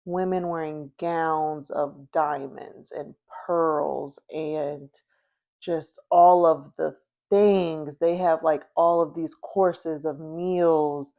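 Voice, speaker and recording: A woman hosts a history podcast and talks it through slowly and unhurriedly. Her voice sits a little low, and her telling is chatty and informal. She keeps checking in with her listeners as she goes. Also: darkish tone, highs cut off. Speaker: podcast host. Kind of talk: casual history storytelling.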